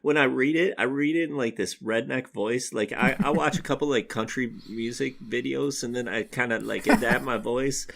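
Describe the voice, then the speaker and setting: Gravelly, laughing man chatting. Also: mid-range voice, normal speed, few pauses, a bit bright. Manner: laughing, rambling and upbeat. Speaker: podcast co-host. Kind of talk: casual chat.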